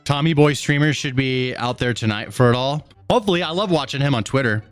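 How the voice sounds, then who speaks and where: A man's voice: medium pitch, fairly quick, clear, resonant tone, faint music behind. Laid-back man chatting on a live stream. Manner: laid-back, chuckling, talks to chat. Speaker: streamer reading chat. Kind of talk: casual live-stream chat.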